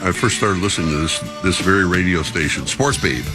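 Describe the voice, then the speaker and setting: A man with a very low voice co-hosting sports radio in an easygoing, chuckling manner. Music sits clearly beneath the conversation. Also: a little fast. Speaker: radio co-host. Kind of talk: casual sports radio banter.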